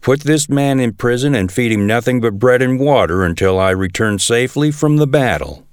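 A man reading scripture aloud, voicing a resentful, commanding ancient king with a sharp manner. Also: mid-range voice, lively intonation, normal speed, clean tone, no echo, studio quality, pitched above the performer's own voice, natural voice. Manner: sharp, demanding.

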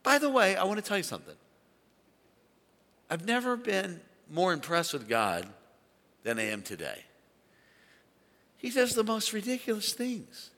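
Male pastor preaching a lively sermon, bright, slightly high voice, long reverb of a large church. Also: measured pace, pauses often. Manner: animated preaching, calls for congregation to shout.

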